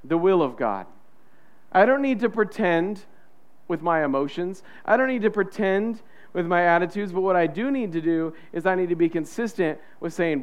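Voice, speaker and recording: A man's voice: high voice, expressive, normal speed, dull audio. A man preaching a sermon as pastor, in a conversational way, acting out the inner voices of the people he describes.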